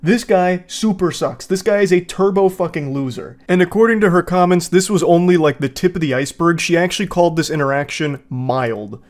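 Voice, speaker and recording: Sarcastic man with a higher voice. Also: brisk, few pauses. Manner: sarcastic, exasperated, profane. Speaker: commentary host. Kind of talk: reaction commentary reading texts aloud.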